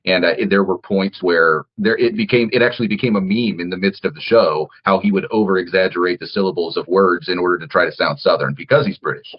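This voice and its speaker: A man with a Midwestern US accent co-hosts a casual show discussion, in a low, husky voice. He talks haltingly, with plenty of ums and restarts. The sound is a bit muffled and lo-fi. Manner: hesitant, many fillers and restarts. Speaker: co-host.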